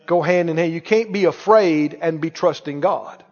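A man's voice: a little high, moderate pace, darkish tone. A man preaching a sermon emphatically, leading his congregation in call-and-response. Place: church sanctuary. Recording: dull recording in a reverberant hall.

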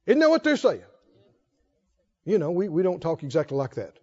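A man's voice: high voice, sing-song, moderate pace, pauses often, darkish tone, highs cut off. A man preaching a sermon, asking questions and answering them in a folksy, call-and-response way.

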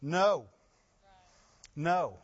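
Animated preaching man, lo-fi. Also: a little high, very slow. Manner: animated, rising to loud emphasis and laughing asides. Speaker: pastor. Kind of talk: sermon.

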